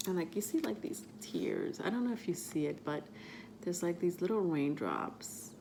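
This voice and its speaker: A woman giving a casual tarot reading to her viewers, chatty and halting, with many fillers as she reads card texts aloud. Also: lowish voice, expressive, noisy background. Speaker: tarot reader.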